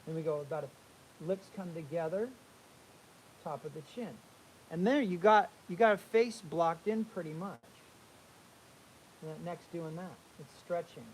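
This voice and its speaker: A man's voice: on the high side, moderate pace, long pauses, a little hiss or hum, low-quality recording. A man teaching figure drawing, talking through a live sketch with energy and repeating key phrases as he draws. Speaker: art instructor.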